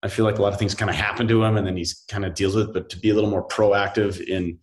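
A man's voice: lowish voice, fast. Chatty man telling stories with many fillers. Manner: rambling, animated storytelling with frequent fillers. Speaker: actor and podcast guest. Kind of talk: casual interview chat.

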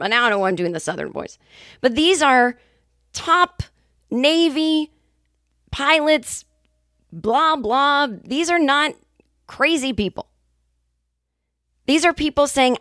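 Comedian woman in her fifties hosting her own podcast, animated and salty, on a dry close mic. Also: on the high side, measured pace, long pauses, no room sound. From New England, Boston area. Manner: animated, profane, jokey asides. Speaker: podcast host and stand-up comedian. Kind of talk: casual comedic monologue.

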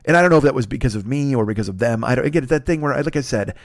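A man's voice: medium pitch, expressive, rapid-fire, dry recording, clean studio sound. A middle-aged man hosting a podcast, ranting in a profane, exasperated comedic way. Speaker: podcast host. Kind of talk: comedic rant.

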